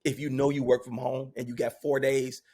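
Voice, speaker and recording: Husky, animated storytelling man. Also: mid-range voice, fairly quick. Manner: animated storyteller, shouts when quoting himself. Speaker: podcast guest. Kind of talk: casual storytelling.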